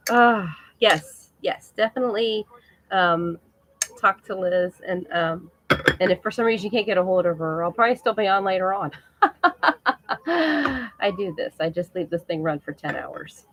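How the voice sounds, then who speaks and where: A woman's voice: medium pitch, lively intonation, measured pace, long pauses, slightly rough, poor audio. A middle-aged woman chatting casually and emotionally on a live stream to her viewers, laughing often.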